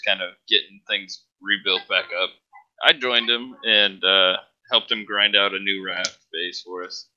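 Low-voiced man co-host, relaxed recap, muffled lo-fi audio. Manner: laid-back, with many ums. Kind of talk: casual gaming chat. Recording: dull lo-fi audio.

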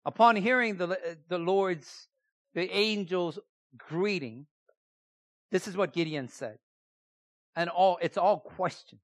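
A man's voice: sits high, slow pace, long pauses, no echo, clean studio sound. A man preaching a sermon, emphatic and repeating key phrases, often putting rhetorical questions to his listeners. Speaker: pastor.

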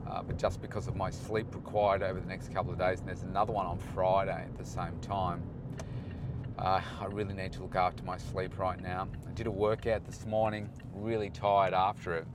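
A man who hosts a podcast, chatting casually while he drives, in a relaxed, rambling way with lots of fillers. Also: low-pitched, normal speed. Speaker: podcast host and coach. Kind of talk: casual vlog monologue while driving. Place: in a car, driving on city roads. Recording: loud road and engine noise.

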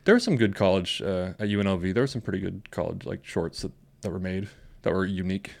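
A man's voice: deep voice, steady tone, fast, vocal fry, a little mellow. Rambling, laughing young man telling stories. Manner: rambling storyteller, laughs often. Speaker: podcast co-host. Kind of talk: casual chat.

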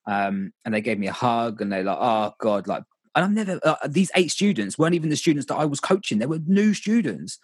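A man's voice: medium pitch, expressive, fast, slightly rough, dry recording. A young man casually telling stories about coaching kids, candid and rambling, often restarting his sentences. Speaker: volunteer youth coach. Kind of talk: casual storytelling chat.

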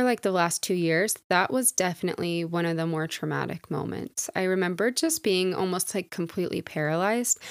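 A woman's voice: medium pitch, no echo, clean studio sound. A woman in her twenties hosting a casual solo podcast, telling a personal story in a candid, reflective way with plenty of "like" fillers. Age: 20s. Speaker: podcast host.

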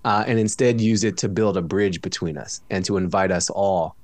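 A low-voiced, tired man speaks at normal speed with no echo, using a studio microphone as a podcast guest at home. The conversation is casual, and he's reflective, jokey, and quick to laugh.

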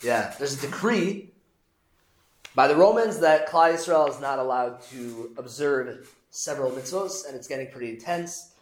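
A man hosting a casual talk, retelling a story in a lively, joking way. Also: medium pitch, moderate pace, echoey room. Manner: lively, jokey retelling with acted quotes. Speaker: host. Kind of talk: casual storytelling on the weekly portion.

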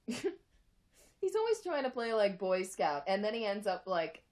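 A woman's voice: mid-range voice, very animated, takes it slowly, a little mellow. Giggly young woman reading fan fiction aloud. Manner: giggly, sarcastic, rambling.

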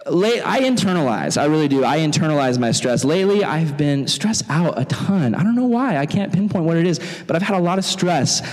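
A young man preaches with animated energy and slips into other people's voices as he goes. His voice sits a bit high for a man and swings widely in pitch. It carries the long reverb of a church hall. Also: brisk, hardly any pauses. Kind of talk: sermon.

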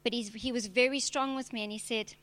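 A woman's voice: on the high side, fairly even intonation, a little fast, a bit bright. A woman preacher, giving a direct, emphatic sermon with touches of humor. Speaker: preacher and church leader.

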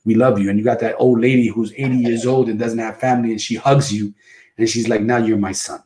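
A man's voice: mid-range voice, steady tone, fast talker, mellow. A middle-aged man from New Jersey, a guest imam, telling stories in an easygoing way and dropping in Arabic phrases. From New Jersey, USA. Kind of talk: casual interview talk.

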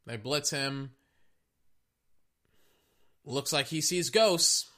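A man giving casual, rambling play-by-play of a football game, excitable, often correcting himself and swearing casually. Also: a little high, very slow. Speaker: sports commentator. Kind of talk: casual play-by-play commentary while watching a game.

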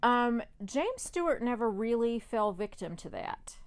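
A woman's voice: fairly high pitch, very animated, unhurried. A woman co-hosting a podcast, discussing an old film in a conversational, agreeable way. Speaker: podcast co-host.

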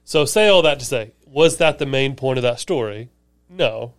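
A church staff member co-hosts a podcast, chatting casually and enthusiastically about a sermon and explaining things with asides. His voice sits at a medium pitch with lively intonation and a moderate pace, captured in a dry recording.

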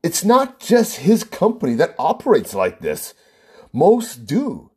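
A man's voice: fairly high pitch, wildly swooping pitch, slow, slightly rough. A man who runs a wedding business, ranting in a vlog and retelling arguments, full of "you know" and "right?".

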